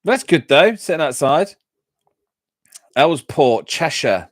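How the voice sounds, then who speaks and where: A man's voice: a little high, very animated, takes it slowly, dry recording, clean studio sound. A middle-aged man with an English Midlands accent, chatting casually on a livestream, reading out comments and rambling through anecdotes with frequent laughs. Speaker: YouTube channel host.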